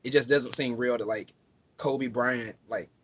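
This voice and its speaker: Halting, earnest man on a podcast. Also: medium pitch, fairly even intonation, fairly bright tone. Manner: halting, full of fillers, earnest. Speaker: podcast co-host. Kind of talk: casual podcast chat.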